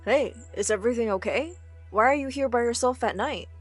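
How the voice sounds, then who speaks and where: Woman voicing a gentle, kind young boy. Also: a little high, fairly quick, soft background music, close to an everyday voice. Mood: friendly. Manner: gentle, friendly.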